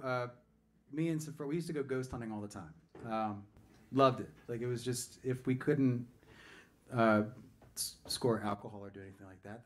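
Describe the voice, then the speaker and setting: Male singer-songwriter, chatty and digressive, live stage banter. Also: medium pitch. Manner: chatty and digressive, self-interrupting, joking. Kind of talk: rambling storytelling between songs. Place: music venue stage.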